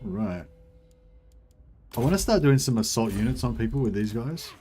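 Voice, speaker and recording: A man livestreams a strategy game and talks in a loose, rambling way. He chats with his viewers as he plays and swears casually. His voice sits at a middle pitch. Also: animated, moderate pace, mellow, a little hiss or hum. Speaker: game streamer.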